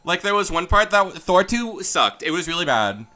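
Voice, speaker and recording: A young man doing casual commentary on a game he is playing. He rambles from one tangent to another, with a bright voice that sits a little high. He laughs easily and slips into offhand character voices as he reads. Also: big pitch swings, moderate pace. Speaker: let's play streamer. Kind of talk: casual gameplay commentary, reading game dialogue aloud.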